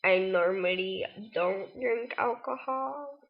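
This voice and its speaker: Chatty eighteen-year-old woman, gravelly. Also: mid-range voice, takes it slowly. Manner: chatty, rambling, with many fillers and laughs. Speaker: vlogger. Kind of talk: casual storytelling vlog. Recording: lo-fi webcam audio.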